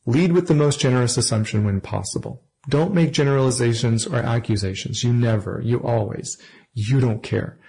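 A man giving an earnest, measured lesson on relationships and acting out example phrases between partners. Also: medium pitch, creaky, a little mellow, breathy edge, low-quality recording. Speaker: relationship teacher. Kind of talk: instructional talk to camera.

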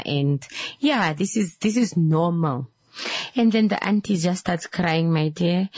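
Woman, storytime vlog, animated, slangy, lowish voice, dry sound. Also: unhurried, slightly rough, no echo.

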